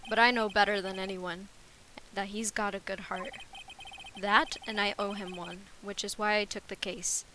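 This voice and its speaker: A woman's voice: mid-range voice, flat delivery, normal speed, background noise. A woman streamer playing a courtroom game, reading its dialogue aloud with a nervous, stammering delivery. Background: game music.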